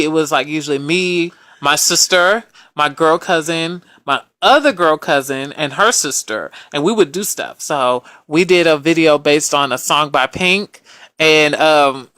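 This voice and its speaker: A man co-hosting a podcast in casual chat, with an innocent-sounding voice and a soft, hesitant way of talking full of fillers. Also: a little high, smooth, dry recording, clean studio sound. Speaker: podcast co-host.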